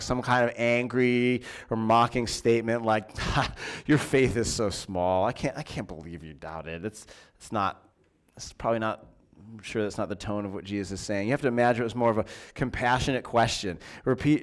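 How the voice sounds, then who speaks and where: A man preaching a sermon in a church, in a conversational way with fillers and restarts. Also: medium pitch. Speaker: pastor.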